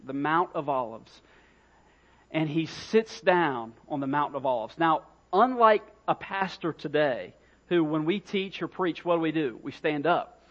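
A man preaches a sermon in a loose, conversational style, circling back to repeat his key phrases. His voice sits a little high. The recording sounds dull and lo-fi. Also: animated, a little slow, fairly bright tone. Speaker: pastor.

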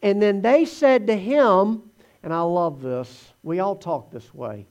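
A man giving a conversational sermon, telling the Gospel story in an animated way. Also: high voice, takes it slowly, dull audio. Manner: animated storytelling, acts out voices in quotes. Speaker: preacher teaching from the Gospels.

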